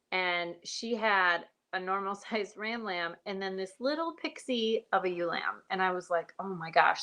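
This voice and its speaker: A middle-aged woman chats live about her flock, rambling from one story to the next and stopping to greet viewers by name. Her voice sits a little low yet comes across bright and forceful. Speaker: sheep and goat farmer hosting a livestream. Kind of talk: casual live-stream chat.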